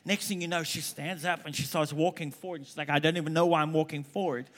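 Animated male preacher telling stories. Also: a little high, quick pace. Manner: animated storyteller, quoting people in hushed voices. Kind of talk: conference sermon with storytelling.

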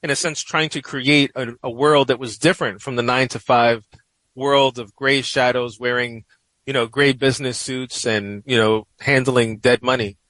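A man's voice: medium pitch, fairly even intonation, normal speed, a bit bright, no echo, low-quality recording. A middle-aged man with a New York accent, telling a personal story as an interview guest in a reflective way, with many "you know" fillers. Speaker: interview guest, professor and writer.

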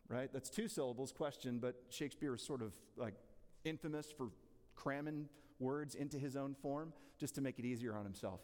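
A man's voice: mid-range voice, moderate pace, darkish tone. A man teaching a church Bible class in a casual, chatty way, asking the room questions. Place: church hall. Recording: long reverb in a church hall.

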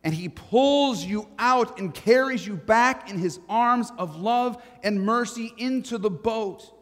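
A man's voice: high-pitched, slow pace. Preaching man in an echoing church. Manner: dramatic, swings from loud to hushed. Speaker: pastor. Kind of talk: sermon. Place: church sanctuary. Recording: long church reverb.

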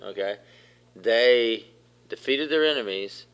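A man's voice: mid-range voice, slow, fairly bright tone, clean tone. A man preaching a sermon, emphatic, repeating phrases and putting questions to the congregation. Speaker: pastor.

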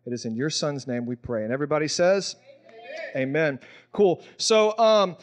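A young pastor from Mississippi speaks with a fairly high voice. He preaches in a relaxed, conversational way, folding prayer into personal testimony. He is openly emotional and acts out the voices of the people in his stories. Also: normal speed. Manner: casual, storytelling, emotional, acts out quoted voices.

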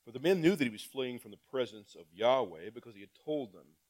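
Guy preaching a sermon, reads scripture, keeps asking the church questions, goes from really loud to quiet. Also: medium pitch, expressive, fairly quick. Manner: preaching with big swings between loud emphatic calls and quiet asides; reads scripture aloud and asks the congregation rhetorical questions. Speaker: pastor.

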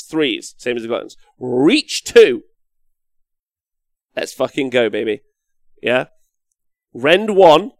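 A young man hosting a casual live stream while painting miniatures, excitable, swearing and reading chat comments aloud. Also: fairly high pitch, dry recording. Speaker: livestream host.

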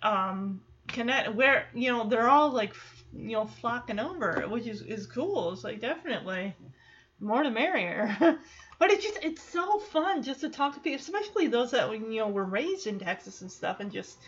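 A woman's voice: on the high side, expressive, moderate pace, fairly bright tone. A young woman from Michigan chatting casually through an episode, laughing often and acting out the characters' lines. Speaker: show reaction vlogger. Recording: dull lo-fi recording.

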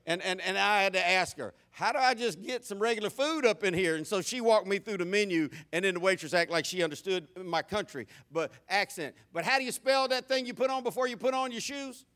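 A man's voice: high voice, pushed and bright. A man preaching a folksy, humorous sermon, stumbling through many stammered restarts.

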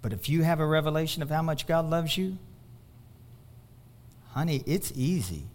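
A male pastor preaching a sermon, swinging from loud exhortation to hushed asides. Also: a little high, expressive, normal speed.

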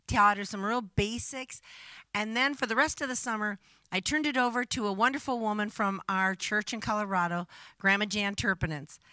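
An older woman sharing a personal testimony in church, with a bright, ringing voice. She speaks earnestly and reflectively, and the recording is dry and close. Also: medium pitch, no echo. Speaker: pastor's wife.

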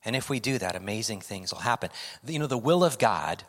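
A man preaching a sermon, animated, acting out quoted pleas and laughing often between points. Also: on the low side, a little fast, in a large hall. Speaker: pastor.

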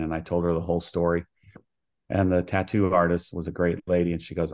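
An older man, a college softball coach, telling stories in an interview with an earnest manner, acting out the voices of people he quotes. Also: sits low, steady tone, brisk. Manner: earnest storyteller who acts out quoted dialogue. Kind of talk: storytelling interview.

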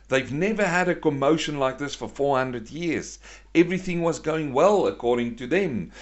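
Emphatic male preacher. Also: medium pitch. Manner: emphatic, asks the congregation questions and answers them. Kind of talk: sermon.

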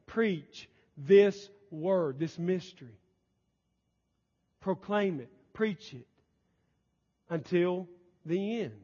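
High-voiced male preacher in a reverberant hall. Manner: emphatic preaching, swinging between loud and soft. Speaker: pastor. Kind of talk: sermon. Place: church sanctuary. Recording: dull lo-fi church recording with long reverb.

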